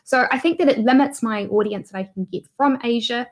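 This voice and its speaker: A woman's voice: fairly high pitch, fairly quick. New zealand woman guest on a youtube interview, casual and chatty, laughs a lot. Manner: chatty, laughs often, many fillers.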